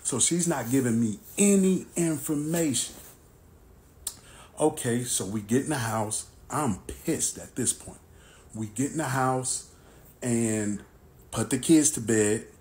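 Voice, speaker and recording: A man narrating a personal story in storytime style, animated and acting out the dialogue. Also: mid-range voice, slow.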